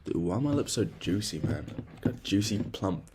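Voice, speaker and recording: A young man hosting his own podcast in loose solo chat, excitable and profane, jumping between loud outbursts and hushed whispers. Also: low voice, normal speed, noisy background. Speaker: podcast host.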